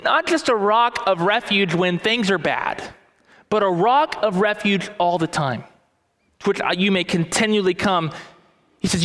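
A young adult man preaching a sermon as pastor, earnest and expository, slowing down to stress key points. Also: high voice, fairly bright tone, long reverb tail. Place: church sanctuary.

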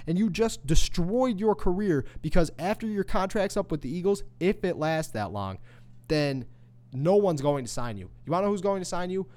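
A man's voice: high voice, lively intonation, moderate pace, darkish tone. Man ranting heatedly about sports. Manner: heated, scornful, repetitive ranting. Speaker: sports podcast host. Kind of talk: solo sports rant.

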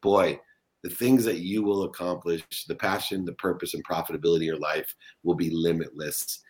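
Very deep-voiced motivational man. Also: fairly even intonation, normal speed, darkish tone. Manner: earnest, motivational, emphatic. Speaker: interview guest. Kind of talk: motivational conversation.

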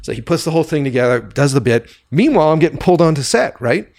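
A man on a podcast, a filmmaker guest, telling a story from his film set in a lively, casual way and swearing freely. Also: fairly high pitch, fast talker, gravelly, no echo, studio quality. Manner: animated storyteller who swears freely and acts out quoted dialogue.

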